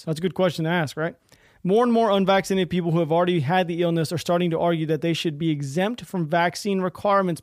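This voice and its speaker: A man talks through his own political podcast at a rapid clip, his voice sitting slightly high for a man. He is blunt and heated, swearing freely and restarting sentences as he rambles. The sound is close and dry, with no room around it. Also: a little mellow, no echo. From United States. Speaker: podcast host. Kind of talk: solo political commentary podcast.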